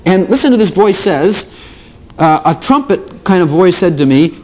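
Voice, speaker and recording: A man preaching a sermon, animated, swinging between loud exclamations and soft asides. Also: sits high, normal speed.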